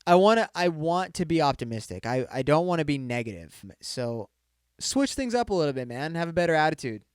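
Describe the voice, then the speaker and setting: A man's voice: on the high side, very animated, a little fast, smooth, no room sound, clean studio sound. A man in his mid-twenties hosting a casual solo podcast, rambling and swearing a lot and saying "dude" often. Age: 20s. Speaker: podcast host.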